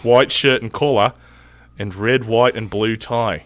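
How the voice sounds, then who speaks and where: A man's voice: medium pitch, steady tone, a little slow, dry recording, close to an everyday voice. A man reading an old newspaper report aloud in an exaggerated put-on Australian accent. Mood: hammy. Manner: exaggerated, loud, hammy reading.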